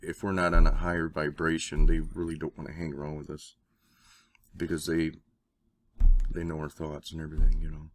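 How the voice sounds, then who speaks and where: A man telling a personal story in a casual, rambling way. He swears and gets excited when he acts out dialogue. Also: a bass voice, fairly quick, pauses often. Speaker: interview guest.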